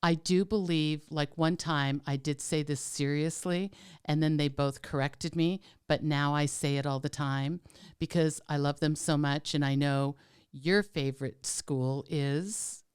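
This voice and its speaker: She has a low-pitched, smooth voice with fairly even intonation and an unhurried pace. As a podcast co-host in casual chat, she's warm, talkative and teasing, saying "like" and "um" a lot.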